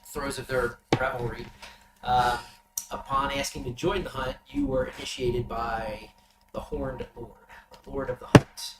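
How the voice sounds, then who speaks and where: A man running a tabletop game as game master, giving a loose, halting recap of the last session to his players. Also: mid-range voice. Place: room shared with players at the table. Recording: roomy, distant mic, background noise.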